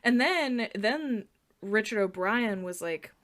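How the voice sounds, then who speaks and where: A woman's voice: medium pitch, slow pace. A woman co-hosting a podcast in casual chat, laughing often as she talks. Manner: giggly, animated, laughs often. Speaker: podcast co-host.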